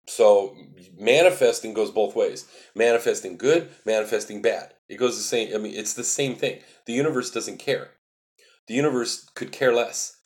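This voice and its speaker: A man's voice: mid-range voice, a little slow. A man hosting a casual livestream, explaining spiritual ideas in an earnest, repetitive, emphatic way and answering viewer chat.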